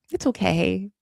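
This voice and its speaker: A woman hosting a casual recap podcast, chatty and gossipy, quick to act out the people she discusses. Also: medium pitch, vocal fry, darkish tone, dry recording, clean studio sound. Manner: chatty, gossipy, acts out the cast in quick voices. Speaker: podcast host recapping a reality show. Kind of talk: casual chat.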